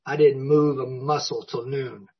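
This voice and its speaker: A man's voice: medium pitch, steady tone, measured pace, husky. A man sharing his personal story at a recovery meeting, a folksy, self-mocking storyteller who chuckles often. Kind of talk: personal story told to an audience. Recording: dull lo-fi recording.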